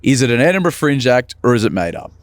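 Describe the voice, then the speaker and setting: A man's voice: medium pitch, very animated, fast, dry recording. A young man co-hosting a podcast in casual, joking chat. He runs the game segment in a laid-back way. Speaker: podcast co-host.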